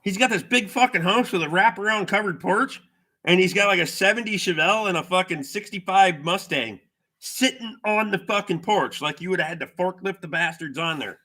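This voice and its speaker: A middle-aged man spins rambling, profanity-laced anecdotes for his stream chat and stops now and then to read viewer comments aloud. His voice sits a little high and comes across bright and forceful. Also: a little fast. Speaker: livestream host. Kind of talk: casual storytelling chat with viewers.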